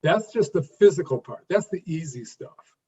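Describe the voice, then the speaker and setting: A man's voice: fairly high pitch, expressive, a little mellow. Guy in his fifties being interviewed, stops and restarts a lot, sounds far off and muffled. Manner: halting restarts, repeats words, then emphatic phrases. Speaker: interview guest. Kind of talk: conversational interview. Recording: distant, dull lo-fi sound.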